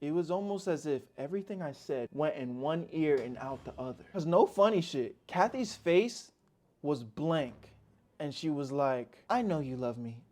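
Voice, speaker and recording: A man's voice: fairly high pitch, animated, a little slow, darkish tone. A young man narrating a personal story in a candid, slangy, reflective way. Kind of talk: casual storytelling.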